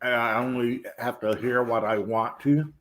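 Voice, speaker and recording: A man's voice: medium pitch, steady tone, moderate pace, a bit bright, poor audio. Guy bragging as a joke, middle voice. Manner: brash, self-mocking bravado. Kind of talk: casual group chat.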